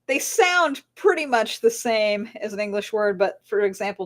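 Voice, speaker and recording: A woman author being interviewed, telling lively anecdotes with frequent laughter and acted-out voices. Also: mid-range voice, moderate pace. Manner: animated storyteller, laughs often, acts out voices in anecdotes. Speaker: author guest. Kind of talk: casual interview chat.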